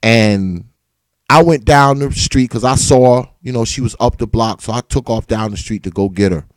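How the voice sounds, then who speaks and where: A man's voice: mid-range voice, moderate pace, no echo. A man hosting a live talk show, telling a story in a casual, profane way and swearing freely. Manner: animated, swearing freely, rising in outrage. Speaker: host of a live talk stream.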